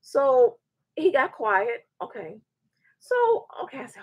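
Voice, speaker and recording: A woman in her forties hosting a live show, chatting and telling a story in a lively way, often restarting her sentences. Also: fairly high pitch, normal speed, slightly rough, dry recording. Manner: animated, repeats words as she restarts, acts out quoted voices. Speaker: show host. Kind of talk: casual livestream chat and storytelling.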